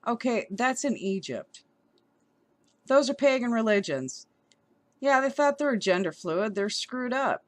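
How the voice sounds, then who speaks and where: Woman vlogger, indignant, slow deliberate delivery, dry close sound, trips over words. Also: a little high, expressive, dry recording. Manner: heated, stumbling over words. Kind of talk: indignant commentary reading an article aloud.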